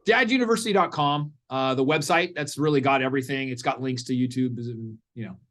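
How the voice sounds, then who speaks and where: A middle-aged man, a parenting coach guest in a podcast interview, telling stories in an animated way and acting out what people said. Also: medium pitch, a little fast. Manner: animated storyteller, acts out quotes.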